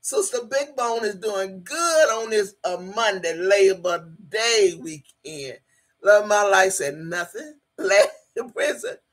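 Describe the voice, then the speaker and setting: Loud, profane, laughing woman streamer. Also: mid-range voice, lively intonation, slow. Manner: shouts and hollers in bursts. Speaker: livestream host. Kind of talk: casual live-stream chat reading.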